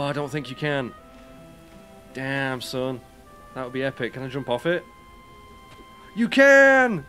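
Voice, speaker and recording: Guy on a game stream, slow easygoing chat, says hi to everyone, gets yelpy when excited, faint music behind. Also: mid-range voice. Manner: chatty, greets viewers by name, bursts into excited yelps. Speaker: gaming livestream host. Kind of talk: casual livestream chat while playing.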